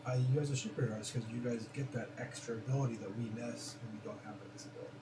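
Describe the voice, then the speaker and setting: An earnest man hosting a casual talk, thoughtful and often restarting his sentences. He sits away from the mic in a roomy space, and clear background noise runs under his voice. His pitch is in the middle of the male range. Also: fairly even intonation, very fast, recorded from a distance. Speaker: host. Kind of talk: casual podcast conversation.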